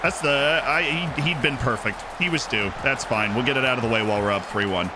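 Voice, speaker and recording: A young man streaming himself playing a football management game, muttering asides and then shouting with delight when his team scores. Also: medium pitch, brisk, music in the background. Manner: excitable, swings from mumbled asides to shouting at goals. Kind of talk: live gameplay commentary.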